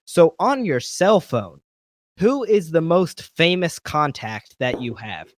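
A man's voice: fairly high pitch, sing-song, slow pace, no room sound, clean studio sound. A man hosting a casual interview and asking questions in an easygoing, conversational way. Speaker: podcast interviewer.

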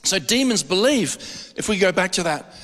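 High-voiced preacher in a hall. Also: male voice, normal speed. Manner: animated storytelling with jokes and acted-out quotes. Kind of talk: conversational sermon. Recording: long hall reverb.

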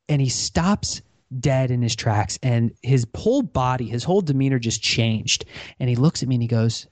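A man tells a story with energy, acting out each quoted line as he goes. He has a mid-pitched voice. The recording is dry and close to the mic. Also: expressive, moderate pace, no echo. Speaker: podcast guest. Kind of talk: conversational storytelling.

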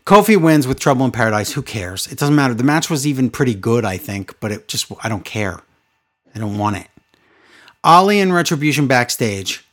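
A man's voice: mid-range voice, expressive, brisk, a bit bright. A man co-hosting a casual podcast chat, ranting with sarcastic exasperation. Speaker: podcast co-host recapping wrestling.

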